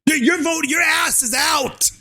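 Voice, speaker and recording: A man vlogging a fiery, crude political rant, often shouting and tacking "and so forth" onto his lines. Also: very high-pitched, unhurried. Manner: crude slang and cursing. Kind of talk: ranting political commentary.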